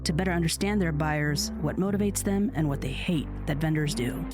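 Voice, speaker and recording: A woman reading a scripted podcast intro slowly and deliberately. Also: low voice. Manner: slow, deliberate delivery. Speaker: show intro announcer. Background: music bed.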